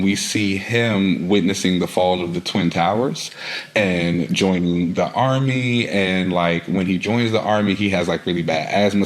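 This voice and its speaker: A podcast co-host with a deep voice casually recaps a comic book, rambling through the story and saying "like" constantly. The audio quality is poor.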